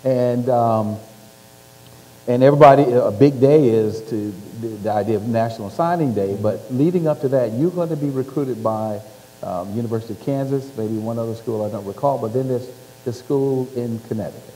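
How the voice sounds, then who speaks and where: A man's voice: medium pitch, brisk. A man interviewing a guest onstage, steering the story with questions and often murmuring agreement. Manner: frequent soft affirmations, guiding questions. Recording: reverberant hall with faint hum.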